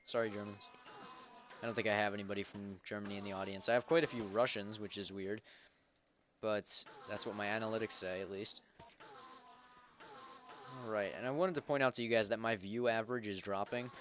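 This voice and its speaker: A man's voice: lowish voice, steady tone, fairly quick, fairly bright tone, slight background noise. Chatty young man rambling over gameplay. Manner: rambling, self-correcting, chatty. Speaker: Minecraft server host. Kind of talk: casual gameplay commentary.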